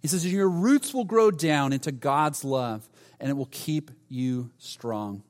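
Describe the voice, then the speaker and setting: A man preaching a sermon as a pastor, earnest, often restarting his phrases and dropping softly in volume. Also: medium pitch, animated, takes it slowly. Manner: earnest, with frequent restarts and soft drops in volume. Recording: reverberant hall.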